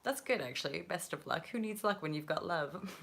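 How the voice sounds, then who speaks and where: A woman's voice: on the low side, lively intonation, normal speed, fairly bright tone. A woman hosting a live tarot reading, chatty and effusive, with many fillers. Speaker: tarot reader and channel host.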